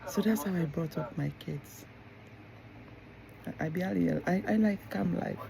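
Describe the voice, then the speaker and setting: A woman's voice: fairly low pitch, moderate pace, vocal fry, crowd noise, low-quality recording. A woman, a mother, talking casually to camera in a rambling way, with many restarts and asides. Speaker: mother and vlogger.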